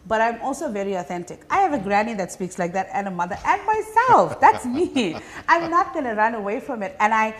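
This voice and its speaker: A woman with a South African Indian English accent, a comedian being interviewed, telling stories in an animated, chatty way with many fillers. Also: mid-range voice. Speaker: comedian guest. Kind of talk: casual interview chat.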